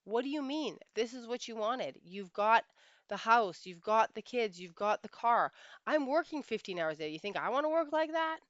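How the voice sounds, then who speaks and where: A woman's voice: fairly high pitch, lively intonation, moderate pace, dry recording, dull audio, voice pushed up, close to an everyday voice. A woman voicing a defensive, overworked husband. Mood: exasperated. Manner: defensive, exasperated. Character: defensive overworked husband, middle-aged man.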